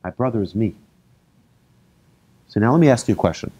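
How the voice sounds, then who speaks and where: Animated rabbi lecturing with lively pitch. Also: male voice, brisk, slightly rough. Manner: animated, asks the audience questions, tells hypothetical stories. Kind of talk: lively lecture to a live audience.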